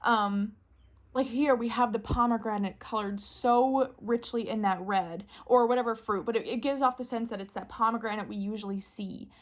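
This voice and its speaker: Bubbly woman chatting fast and gushing, a bit high voice, giggly, close mic. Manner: excitable, gushing, quick bursts with giggles. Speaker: tarot deck reviewer. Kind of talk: casual unboxing chat.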